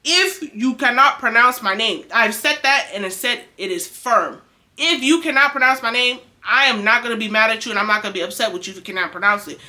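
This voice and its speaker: A young woman talks straight to camera in a casual advice vlog. Her voice sits a little high and sounds bright and forceful. She is firm and emphatic and circles back to repeat her points. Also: fairly quick. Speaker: vlogger.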